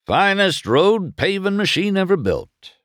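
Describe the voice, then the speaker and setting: A man's voice: sits high, very animated, a little slow, a bit bright, no room sound, studio quality, voice pushed up, exaggerated voice. Doc, a man doing a stern old car. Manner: gruff, commanding, drawling. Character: stern old male car, town judge. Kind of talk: storybook character voice.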